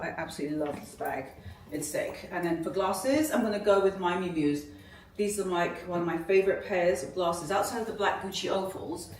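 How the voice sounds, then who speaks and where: A young British woman chatting to camera in a gushing, chatty fashion vlog, full of fillers. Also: fairly low pitch. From Britain. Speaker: fashion vlogger. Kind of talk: casual vlog chat to camera. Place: indoors and in a car. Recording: echoey, from a distance, faint noise.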